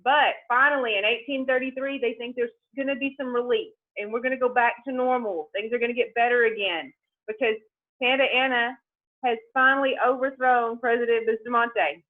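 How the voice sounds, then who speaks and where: A woman's voice: on the high side, steady tone, normal speed. Tinny-sounding woman teaching a history lesson. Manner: conversational, addresses students directly, repeats words. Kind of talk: classroom history lecture.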